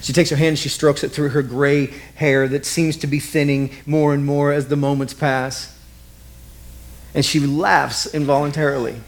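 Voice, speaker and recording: A man's voice: on the high side, flat delivery, normal speed. A man preaching a sermon as vivid present-tense stories, repeating key lines. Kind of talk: dramatic storytelling sermon.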